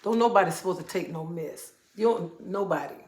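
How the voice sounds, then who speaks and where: A middle-aged woman hosting a casual livestream, telling animated stories to her viewers. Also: on the low side, brisk. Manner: animated storytelling with Southern-style speech. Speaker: livestream host. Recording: echoey room.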